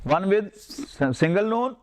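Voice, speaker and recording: Older guy teaching arabic grammar, bit high voice, from pakistan, urdu native, slow repetitive drills. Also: animated. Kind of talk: classroom lecture.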